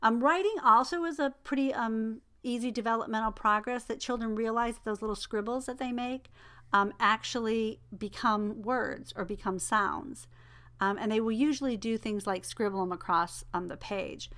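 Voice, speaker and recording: A woman's voice: on the high side, normal speed. A middle-aged woman lecturing casually, filling her talk with ums and personal stories. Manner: relaxed, filler-heavy explanation with personal anecdotes. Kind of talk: recorded lecture.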